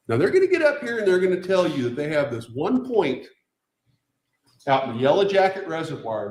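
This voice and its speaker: A man's voice: medium pitch, very animated, normal speed, long pauses. Emphatic male defense attorney, echoey courtroom. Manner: emphatic, rhetorical questions to the jury. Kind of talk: courtroom closing argument.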